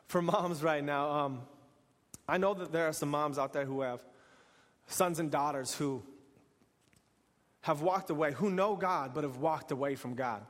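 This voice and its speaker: A man's voice: on the high side, big-room sound. A man preaching an earnest sermon in repeated, building phrases. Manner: earnest, repetitive, building to exhortation.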